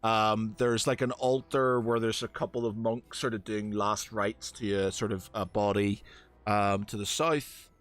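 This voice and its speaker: A man running a tabletop game as game master, talking in a hesitant way with many pauses and restarts. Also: on the low side, flat delivery, a bit bright.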